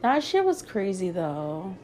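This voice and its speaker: Unhurried, foul-mouthed young woman telling a story. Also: medium pitch, very animated, darkish tone. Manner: profane, chatty, full of "like". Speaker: vlogger. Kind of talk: casual storytime.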